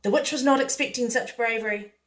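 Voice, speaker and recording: A woman's voice: fairly high pitch, brisk. A woman reading a picture book aloud, playful, with chatty asides to the listener. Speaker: storyteller.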